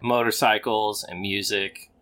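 A man's voice: lowish voice, steady tone, unhurried, a bit bright. A man hosting a podcast in casual chat, tossing in dry joking asides and wrapping up the episode. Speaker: podcast host.

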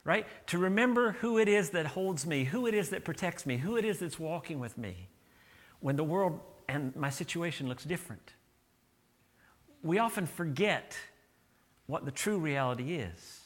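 A middle-aged male pastor preaching a sermon, telling stories and acting out quotes with lively energy. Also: on the high side, normal speed. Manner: animated storytelling with acted-out quotes.

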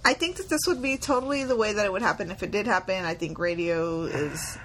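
A young woman co-hosting a casual chat, blunt and quick to laugh, swearing freely. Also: medium pitch, fairly bright tone, slight background noise. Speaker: podcast co-host.

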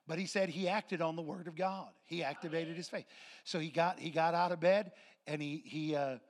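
A man preaching a sermon to his congregation, telling a story and acting out voices and laughter. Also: a little high. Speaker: pastor. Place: church sanctuary with congregation.

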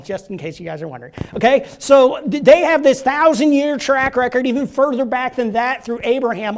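A man's voice: extremely high pitch, a little hiss or hum. Joking, conversational male preacher. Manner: joking, conversational, asks the crowd "right?". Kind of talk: casual sermon. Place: church.

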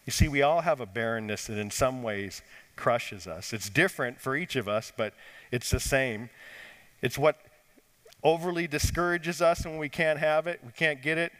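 A pastor preaching a sermon, swinging from lifted, urgent lines down to quiet, low emphasis. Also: male voice, moderate pace. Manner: dynamic preaching, rising and dropping to quiet emphasis. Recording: long hall reverb.

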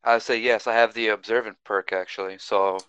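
A man playing in a tabletop game, asking calm, measured questions. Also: on the low side, clear, resonant tone, no echo. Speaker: player. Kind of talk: casual tabletop play. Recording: dull lo-fi mic.

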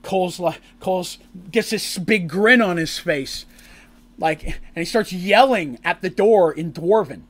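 Guy with a high voice telling a tabletop game story, lively, jumps into character voices. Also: a little slow. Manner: lively, acts out characters' lines in shouts and squeals. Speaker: game master recapping a tabletop session. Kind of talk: animated storytelling recap.

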